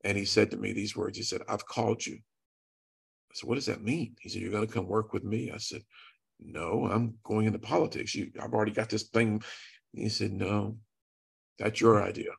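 A man tells his story with earnest drama, acting out each exchange. His voice sits low and gravelly, with a husky edge to it. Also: fairly even intonation, normal speed. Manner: earnest, dramatic retelling with quoted dialogue. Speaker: guest speaker. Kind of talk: storytelling testimony.

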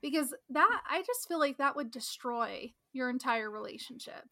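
High, bright-voiced chatty woman. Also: lively intonation, normal speed. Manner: chatty, lots of "like", outspoken. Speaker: podcast host. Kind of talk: casual chat.

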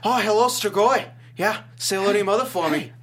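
A man's voice: high-pitched, brisk, crowd noise, natural voice. A man doing a joking impression of a cocky Boston movie-star man.

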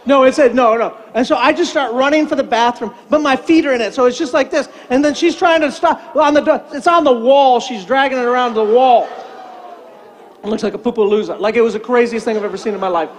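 An older man delivers a sermon as a comic story, his voice sitting very high. He acts out the people in the tale with lively, animated energy. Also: fast talker, a faint crowd. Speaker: pastor.

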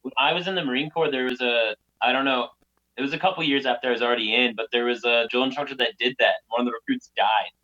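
Bright-voiced veteran man, blunt and profane. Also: mid-range voice, steady tone, quick pace, highs cut off. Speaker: Marine veteran guest. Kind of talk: casual podcast storytelling.

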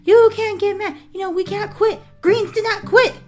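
A woman putting on the voice of a frazzled, bossy young woman who yells at a friend in exasperation. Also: steady tone, moderate pace, soft background music. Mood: shrill. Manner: shrill, exasperated yelling.

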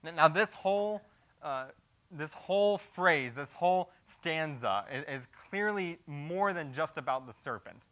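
A man preaching through a passage verse by verse, his voice fairly high and bright with a sharp edge. He sinks to a grave hush on heavy points, then pushes up to loud, animated emphasis, restarting and repeating words as he goes. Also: a little slow, poor audio. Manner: swings between hushed gravity and loud animated emphasis; frequent restarts and repeated words when improvising. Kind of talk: expository sermon.

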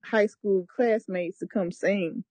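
A woman's voice: mid-range voice, slow pace, dark tone, dry recording. A woman in a casual chat, speaking hesitantly and searching for her words.

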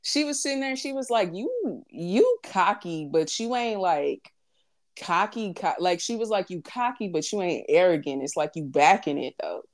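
A woman's voice: lowish voice, expressive, moderate pace. A woman, talking bluntly and profanely in casual chat, repeating her points for emphasis.

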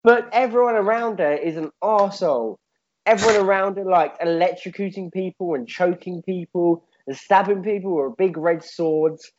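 A man's voice: high-pitched, moderate pace, darkish tone. A man rambling through a jokey made-up story in casual chat, swearing freely. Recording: dull lo-fi sound.

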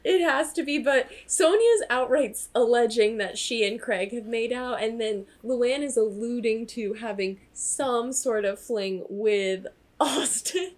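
A woman co-hosts a podcast, chatting casually. Her voice sits a little high, and she tells stories with lively energy, acting out what people said. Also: unhurried, hardly any pauses. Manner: animated storytelling, acting out quotes. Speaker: podcast co-host. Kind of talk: casual chat.

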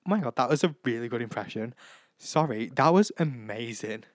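A man's voice: mid-range voice, moderate pace, dry recording, studio quality. A young man hosting a solo podcast, gushing and rambling and swearing freely. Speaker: podcast host. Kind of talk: casual solo podcast chat.

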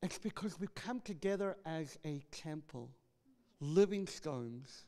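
Man, pastor, high-pitched, impassioned preaching, loud scripture proclamations, long hall reverb. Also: lively intonation, slow. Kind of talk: sermon. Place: church hall.

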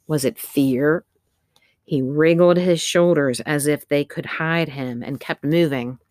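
A woman with a low voice narrates a children's storybook in a steady storytelling manner. The recording is close and dry. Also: no room sound. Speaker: audiobook narrator. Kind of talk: scripted narration.

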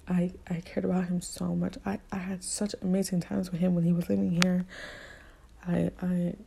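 A woman's voice: medium pitch, creaky, dark tone, breathy edge. A young woman telling a personal story in a candid, emotional way, talking casually with blunt slang and plenty of fillers.

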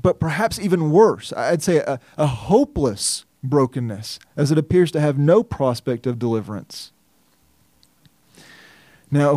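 Earnest pastor, dry close sound. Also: male voice, on the high side, darkish tone, no echo. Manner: earnest, measured, rises when stressing a point. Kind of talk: sermon.

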